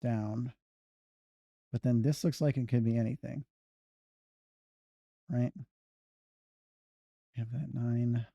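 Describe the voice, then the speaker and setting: A man's voice: medium pitch, fairly even intonation, very slow, vocal fry, pauses often, mellow, breathy edge, no echo, muffled recording. A man streaming a video game, muttering plans and humming to himself as he plays. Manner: muttering, humming to himself while planning moves. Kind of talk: casual gameplay commentary.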